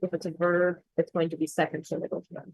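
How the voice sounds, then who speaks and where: Female accent coach, low-pitched, dry close sound, explanatory screen-share walkthrough. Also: quick pace, vocal fry, slightly rough, dry recording, rough recording. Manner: explanatory, steady, with frequent ums.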